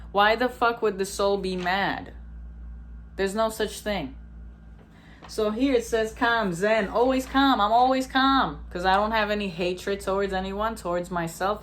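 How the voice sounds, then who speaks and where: A woman's voice: medium pitch, a little hiss or hum. A woman in her twenties, a vlogger talking straight to camera in a blunt, emphatic way, swearing freely and acting out the people in her stories. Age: 20s. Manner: animated storyteller, acts out others. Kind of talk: casual spiritual monologue.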